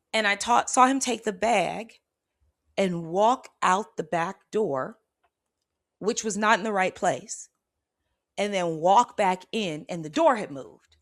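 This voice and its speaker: A woman host telling a personal story with lively expression, often checking in with her listeners. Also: medium pitch, unhurried, long pauses. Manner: expressive, checks in with "okay?" and "right?", acts out her own reactions. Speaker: spiritual channel host.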